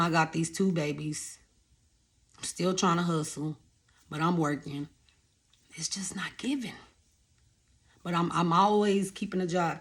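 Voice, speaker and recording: Her pitch fairly low, a young woman chats through her life story for her audience in a relaxed, lively way, circling back to the same phrases to stress them.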